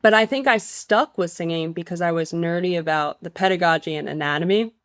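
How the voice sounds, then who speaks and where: A woman hosting a casual podcast chat about singing, thoughtful and chatty as she sets up her questions. Her voice sits a little low for a woman, and the recording is dry and close. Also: fairly quick, no echo. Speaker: podcast host and voice teacher.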